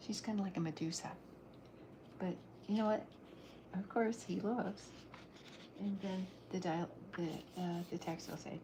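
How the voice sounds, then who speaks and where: A woman streaming herself drawing comic strips, soft-spoken and musing aloud, sometimes dropping into a whisper. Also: fairly low pitch, steady tone, normal speed. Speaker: streaming cartoonist. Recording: noisy background hiss.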